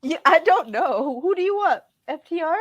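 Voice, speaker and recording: A woman co-hosting a casual wrestling podcast, animated and quick to laugh. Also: very high voice, no room sound. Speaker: podcast co-host.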